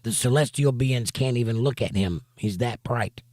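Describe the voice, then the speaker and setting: Guy teaching bible study, reads a bit then stops to make his point, regular pitch, dry sound. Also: normal speed, darkish tone, dry recording. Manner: emphatic, rhetorical asides between readings. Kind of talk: reading scripture aloud with commentary. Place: home studio for a livestream.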